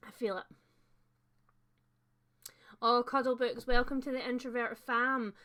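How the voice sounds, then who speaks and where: Chatty bright-voiced woman streaming. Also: a little high, steady tone, a little slow. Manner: chatty, reads out viewer comments, frequent fillers and laughs. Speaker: host of a livestream book chat. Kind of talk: casual livestream chat.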